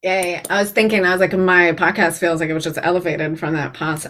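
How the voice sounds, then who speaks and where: A woman's voice: on the low side, flat delivery, fairly quick, a bit bright. An American woman in her thirties hosting a podcast, gushing and slangy in casual chat. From United States. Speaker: podcast host.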